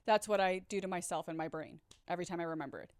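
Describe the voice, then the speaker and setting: A woman's voice: on the low side, racing. A woman telling her own story in a casual vlog, blunt and candid, swearing freely and talking straight to her viewers. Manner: animated, talks straight to viewers. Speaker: storyteller recounting a past relationship. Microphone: own microphone.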